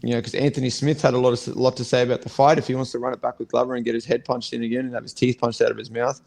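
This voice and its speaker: Gravelly, flat-voiced man chatting. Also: mid-range voice, racing. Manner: blunt, sweary, rambling. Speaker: co-host, fighter. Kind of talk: casual podcast chat.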